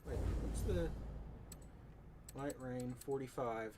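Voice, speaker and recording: In a casual live-stream chat over a racing game, a man jokes around and wanders from topic to topic with his viewers. He speaks slowly in a mid-range voice, with background noise present.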